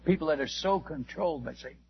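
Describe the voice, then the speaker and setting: An older man, a missionary preacher, telling stories in a sermon, animated and acting out the dialogue with frequent restarts. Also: fairly high pitch, fast talker, slightly rough, dull audio. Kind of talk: sermon storytelling.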